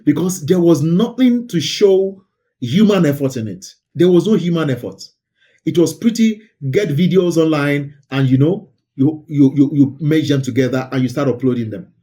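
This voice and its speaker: A man's voice: fairly high pitch, lively intonation, moderate pace, mellow. A man hosting a casual screen-share commentary about online videos, emphatic and often repeating words for stress. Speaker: YouTube creator and host.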